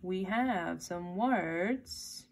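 Primary teacher, woman, storybook read-aloud, patient step-by-step delivery. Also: on the low side. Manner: slow, step-by-step instructions. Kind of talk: reading aloud and giving class instructions.

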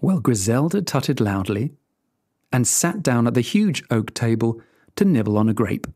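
A storyteller reading a fairy tale aloud in an expressive, animated way for English learners. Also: medium pitch, moderate pace, dry recording, clean studio sound.

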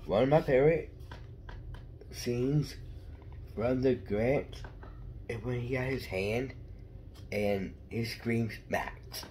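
A man chatting casually to viewers while he colors, rambling slowly. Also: mid-range voice, a little mellow, slight background noise. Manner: slow, rambling, chuckling asides. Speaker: art video creator.

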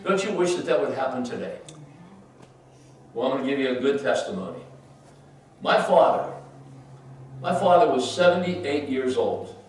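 A man preaching a sermon as pastor, dramatically acting out scripture, then softening into personal storytelling. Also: mid-range voice, lively intonation, moderate pace, long pauses, a little hiss or hum. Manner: emphatic preaching, voices Bible figures, drops to soft storytelling. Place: church sanctuary. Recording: roomy church, far from the mic.

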